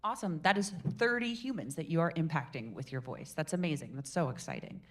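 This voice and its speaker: A woman in her twenties hosting a public speaking meetup, telling stories to a live group in a theatrical, animated way. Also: fast talker. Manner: animated, theatrical storyteller with big swings in pitch and volume. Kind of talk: lively workshop talk to a live group.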